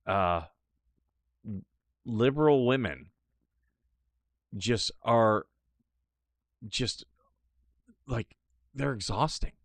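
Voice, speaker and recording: A man of ordinary pitch comments on clips in a casual, sarcastic way. He scoffs often. His voice is dry and close to the mic. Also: no room sound. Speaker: show host.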